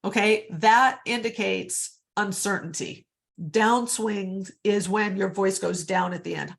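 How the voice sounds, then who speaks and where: Her mid-range voice is slow and creaky as she coaches real estate agents live online on a computer mic. The tone stays chatty and upbeat, and she keeps calling the audience guys.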